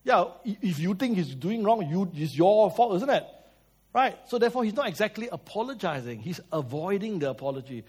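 A man preaching a sermon, telling stories and asking the audience questions, moving between loud and soft. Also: sits high, fairly quick, breathy edge. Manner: lively storytelling, swings between loud and soft.

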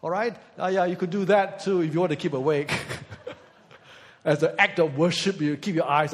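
Man, pastor, sermon, conversational and teasing, high-pitched, long hall reverb. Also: moderate pace. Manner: conversational, teasing the congregation, sings snatches of songs.

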